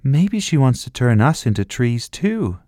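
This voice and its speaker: A man's voice: mid-range voice, very animated, a little slow, mellow, dry recording, studio quality, pitched above the performer's own voice. A man voicing an easily frightened young boy in a storybook reading. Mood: jittery.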